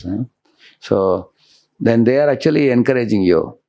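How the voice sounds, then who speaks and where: A man's voice: mid-range voice, expressive, moderate pace, gravelly, mellow. A monk giving a devotional lecture in a conversational way, often checking in with his listeners.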